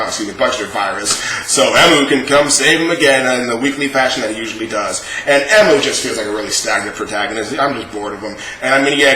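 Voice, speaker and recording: A young man rants with sarcasm and plenty of swearing, his voice bright and forceful. The sound bounces around an echoey room. It feels like an off-the-cuff video review. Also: medium pitch. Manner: exasperated, profane, sarcastic. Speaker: show reviewer. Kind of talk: casual ranting review.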